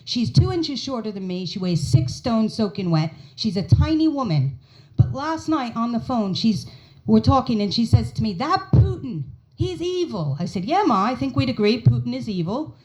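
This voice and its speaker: Lively American woman doing stand-up. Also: on the high side, moderate pace, lo-fi sound. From United States. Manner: animated storytelling, acting out her mother's lines. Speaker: stand-up comedian. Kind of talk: stand-up comedy set. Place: small pub comedy night.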